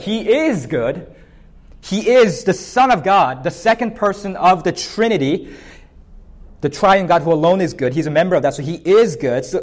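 A male pastor preaching an expository sermon, lifting his voice on emphatic points. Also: on the high side.

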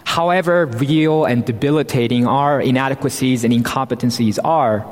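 A man's voice: medium pitch, moderate pace, darkish tone. A male pastor preaching a sermon, earnest and emphatic, laughing now and then. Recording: long hall reverb.

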